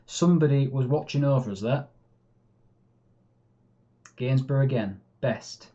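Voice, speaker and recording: Exasperated gamer commentating. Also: male voice, medium pitch, measured pace, dull audio. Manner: chatty, swings between calm and exasperated. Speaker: gaming YouTuber. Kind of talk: live game commentary.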